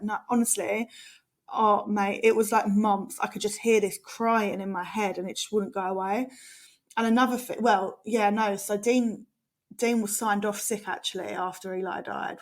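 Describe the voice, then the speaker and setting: Earnest woman chatting. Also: medium pitch. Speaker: podcast co-host. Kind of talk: casual chat.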